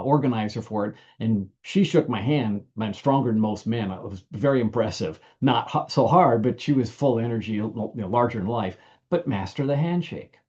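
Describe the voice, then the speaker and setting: Older american guy, folksy storytelling trainer, mellow tone, kinda muffled recording. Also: mid-range voice. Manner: folksy and anecdotal, with many restarts. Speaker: business trainer. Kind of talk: informal training talk.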